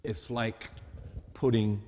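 A man preaching a sermon, swinging between loud and hushed and checking in with his listeners through rhetorical questions. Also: on the low side, level tone, slow. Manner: asks the audience rhetorical questions. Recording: long hall reverb.

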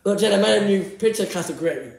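A man giving excitable, giggly, rambling commentary as a vlogger. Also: high voice, fast talker, gravelly. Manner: excitable, giggly, jumps between topics. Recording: echoey room.

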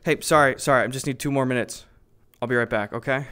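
A man streaming from home, improvising a comedy role-play in a halting, rambling way full of fillers. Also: on the high side, big pitch swings, pushed and bright, clean tone. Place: home streaming setup, playing in virtual reality.

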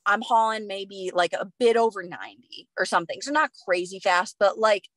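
A woman telling a story as a podcast guest, lively and expressive, with some swearing. Her voice sits at a middle pitch. The sound is dry and close, with no room echo. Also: normal speed. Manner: animated and expressive, swears freely. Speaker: guest, professional runner. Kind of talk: casual storytelling.

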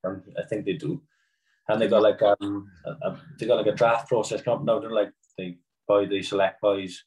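Young Welsh guy, low-pitched, very quick delivery, casual podcast guest, swears freely. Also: poor audio. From Wales. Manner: fast, animated storytelling with swearing. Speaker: guest rugby player.

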